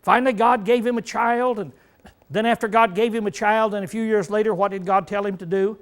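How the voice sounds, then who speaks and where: An older man preaching a Bible study sermon in a folksy manner, often clearing his throat and asking the congregation rhetorical questions. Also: high-pitched, fairly even intonation, brisk.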